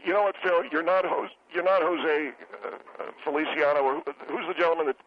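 A man's voice: a little high, fairly even intonation, brisk, no room sound, close to an everyday voice. A man voicing a self-pitying, touchy wedding photographer calling in, defensive and stammering. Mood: indignant. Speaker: caller guest. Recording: muffled lo-fi phone line.

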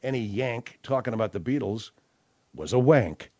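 A man's voice: medium pitch, expressive, normal speed, muffled recording, noisy background. A man hosting a late-night radio talk show, telling rambling, slangy stories. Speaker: radio host.

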